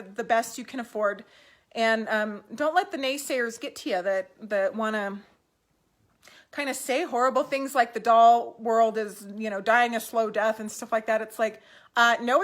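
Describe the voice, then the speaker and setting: A woman's voice: fairly high pitch, a bit bright. A woman talking casually to camera at home about doll collecting, upbeat and encouraging, with fillers and restarts.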